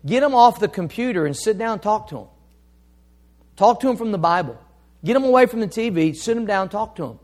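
A man preaching a sermon as pastor, emphatic, swinging up and down for effect and reading scripture slowly. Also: high-pitched, animated, a little mellow.

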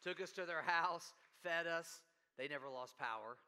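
A man preaching a sermon, telling a story and swinging from hushed asides to loud, emphatic preaching. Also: a little high, moderate pace, hardly any pauses, clean tone, a faint crowd. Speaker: pastor.

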